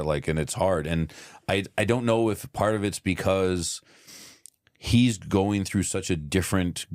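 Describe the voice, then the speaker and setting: A man's voice: sits low, dry recording, studio quality. A man in his thirties co-hosting a podcast in casual chat, acting out quotes as he tells stories and swearing freely. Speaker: podcast co-host.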